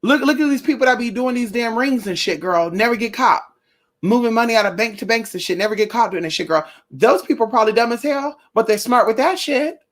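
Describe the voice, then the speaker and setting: A young woman vlogging in a casual chat with her viewers, blunt and profane, telling animated stories. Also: fairly high pitch, fast talker. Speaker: spiritual vlogger.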